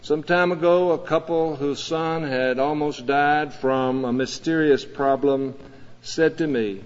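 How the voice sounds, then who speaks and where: A man, a pastor, preaching a sermon in a measured, earnest way with dramatic pauses. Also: a little high. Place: church sanctuary. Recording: dull lo-fi recording in a reverberant church.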